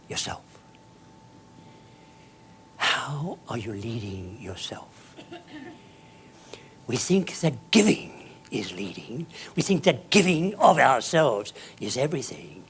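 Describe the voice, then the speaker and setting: A man giving a dramatic, emphatic motivational speech to an audience, with sudden soft drops and loud bursts. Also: medium pitch, slight background noise. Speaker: keynote speaker.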